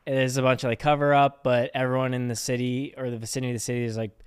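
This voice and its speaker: A man's voice: medium pitch, little pitch movement, rapid-fire, smooth, no echo, clean studio sound. A young adult man co-hosting a podcast in casual chat, easygoing and rambling as he explains. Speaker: podcast co-host.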